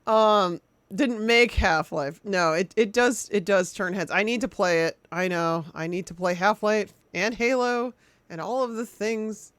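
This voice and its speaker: An excitable woman streamer chatting casually with her viewers, giggly and gushing. Her voice sits at a middle pitch and sounds close and dry. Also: unhurried, no room sound. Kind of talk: casual live-stream chat.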